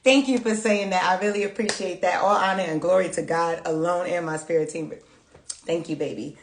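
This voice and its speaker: A woman's voice: lowish voice, fairly even intonation, fairly quick, echoey room. A woman giving a live tarot reading. She answers viewers' chat in an emotional, prayerful, chatty way. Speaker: tarot reader.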